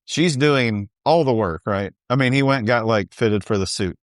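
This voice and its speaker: A man's voice: medium pitch, moderate pace, dry recording, studio quality. Easygoing man co-hosting a podcast. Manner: easygoing, laughs along. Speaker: podcast co-host. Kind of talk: casual recap chat.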